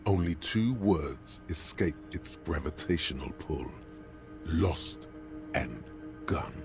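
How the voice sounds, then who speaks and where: An actor voicing a brooding inner voice of the mind that narrates in an ominous, taunting way for a video game. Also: male voice, a bass voice, animated, takes it slowly, vocal fry, full character voice. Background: game music.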